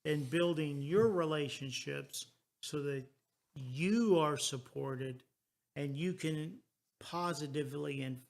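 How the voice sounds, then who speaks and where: A man in his early sixties hosting a talk radio show, earnest and halting, repeating words as he goes. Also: a little high, gravelly. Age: 60s. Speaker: radio host. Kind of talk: casual talk radio chat.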